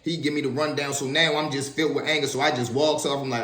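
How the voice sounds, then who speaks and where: A man in his twenties telling personal stories in a casual, slangy, animated way, often turning to the listeners with asides. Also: mid-range voice, quick pace. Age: 20s. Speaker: storyteller. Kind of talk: casual storytelling vlog. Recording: echoey room.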